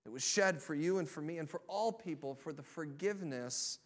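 A man preaching a sermon as pastor, energetic, rallying the congregation and building to loud proclamations. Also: fairly high pitch, fairly quick.

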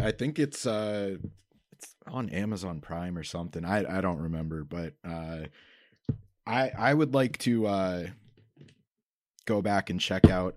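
A young man interviews a guest in a very deep voice. His questions wander and are full of fillers. The sound is dry and close. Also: darkish tone, dry recording. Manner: rambling questions with many fillers. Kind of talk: casual interview.

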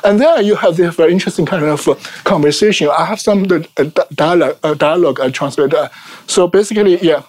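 A man's voice: a little high, fast talker, a little mellow. A man giving an informal lecture, ending nearly every phrase with "right?", with many fillers and restarts. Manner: laughs at his own asides.

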